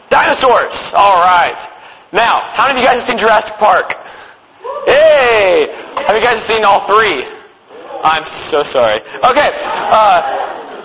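High-voiced joking man teaching in church. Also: sing-song, unhurried. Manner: joking, with sarcastic asides and chuckles. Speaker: speaker teaching at a church conference. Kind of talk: humorous Bible teaching talk. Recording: dull, lo-fi hall recording with long reverb.

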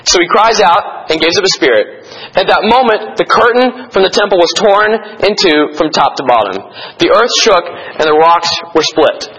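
Male Bible study teacher, somewhat high and bright, a bit husky; directs the group to mark verses and asks rhetorical questions. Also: animated, moderate pace, poor audio. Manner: directive, tells listeners to underline and circle verses.

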